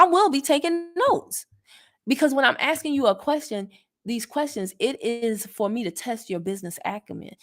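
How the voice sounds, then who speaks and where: Speaking straight into the camera in a casual way, a woman who coaches network marketing comes across as blunt, sassy and full of colloquialisms, quick to get fired up. Her pitch is fairly high, with a creaky, slightly bright sound.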